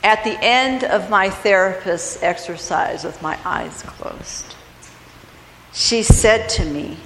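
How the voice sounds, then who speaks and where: A middle-aged woman giving a personal testimony from a church, telling her story in a slow, heartfelt way. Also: fairly low pitch, reverberant, in a large hall, slight background noise, poor audio. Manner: storytelling, slow and heartfelt, lively in funny parts. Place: church sanctuary.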